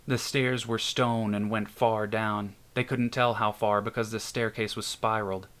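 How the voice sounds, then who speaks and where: A man narrating a scripted horror story in a steady storytelling manner. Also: fairly low pitch, a little slow. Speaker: narrator and author.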